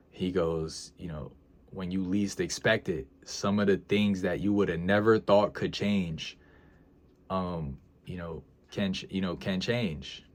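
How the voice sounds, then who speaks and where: A young man with a very low voice speaks casually to his audience. He is earnest and emotional, sighing and hesitating, and he circles back over his own words as he reflects. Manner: earnest, emotional, repeats himself, sighs and hesitates. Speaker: freelance video editor vlogger. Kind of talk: reflective casual vlog talk.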